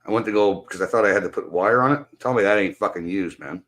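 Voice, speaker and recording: A man's voice: lowish voice, quick pace, fairly bright tone. A man hosting a stream, venting in casual, profanity-laced chat on a video call. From Canada. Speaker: stream host. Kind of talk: casual rant to a guest.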